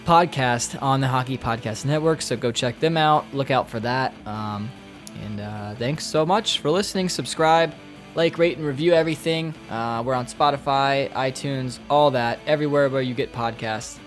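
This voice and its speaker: A man hosting a casual solo podcast, talking at a middle pitch. He riffs with profane jokes and slips into mock-dramatic asides. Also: moderate pace, soft background music. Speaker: podcast host.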